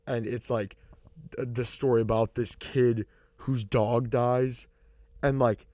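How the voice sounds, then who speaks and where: A man's voice: mid-range voice, fairly even intonation, takes it slowly, a little mellow, no room sound. A young man co-hosting a podcast in casual chat, rambling with lots of fillers and swearing freely. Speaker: podcast co-host.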